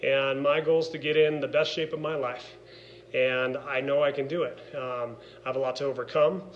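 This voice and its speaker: A man's voice: mid-range voice, fairly even intonation, moderate pace, highs cut off, a little hiss or hum. A middle-aged man, a former wrestler and gym owner, speaking candidly in a personal vlog, earnest and rambling with many fillers and restarts.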